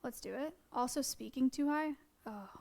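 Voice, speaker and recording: A woman wildlife educator talking fast, with many fillers, in a casual live-stream presentation. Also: high voice, vocal fry, a little mellow.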